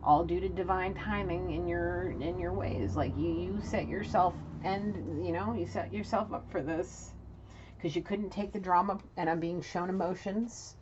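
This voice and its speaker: Speaking straight to someone who isn't there, a New York City woman gives a blunt, scolding intuitive reading, frequently restarting her sentences. Her voice is lowish and steady at a normal speed, heard through dull, lo-fi audio with a little noise.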